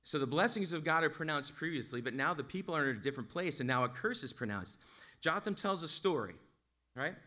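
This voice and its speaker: A male pastor delivering a sermon in a relaxed, conversational manner, often asking his listeners "right?" His voice sits a little high. The tone is bright and tense. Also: brisk. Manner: casual, conversational, with frequent "like" and "right?".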